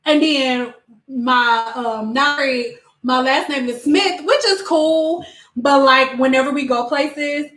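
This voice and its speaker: A woman's voice: high voice, takes it slowly. A young woman telling funny stories in a casual chat, laughing often and acting out other people's voices. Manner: laughing, animated, acts out voices in quotes. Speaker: vlogger. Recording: echoey room.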